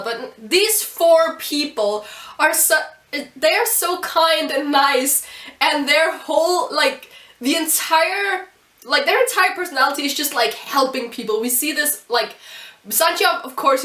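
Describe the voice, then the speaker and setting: Bright, excitable young woman gushing. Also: high voice. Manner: gushing, excitable fangirling with laughs and exclamations. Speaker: anime reviewer. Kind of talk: casual video review. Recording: roomy sound from a distance off the mic.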